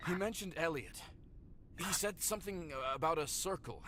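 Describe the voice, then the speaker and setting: A man's voice: fairly high pitch, expressive, moderate pace, noisy background, lightly acted. A man playing a shaken, grumpy injured man. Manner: shaken, terse, swearing under strain. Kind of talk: video game voice acting.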